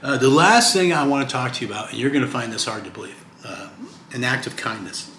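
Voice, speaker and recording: A man's voice: medium pitch, expressive, fast talker, a bit bright. A retired man in his sixties talking casually to camera in a rambling vlog, often checking in with "okay?". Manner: chatty, rambling, keeps asking "okay?". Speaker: retired vlogger. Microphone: camera mic. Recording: roomy echo, faint hiss.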